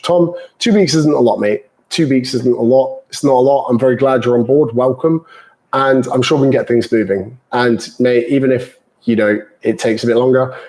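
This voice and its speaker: A man's voice: medium pitch, moderate pace, a little mellow, rough recording. A British man, a fitness coach, answering viewer questions live in a chatty, banter-filled way and calling people mate.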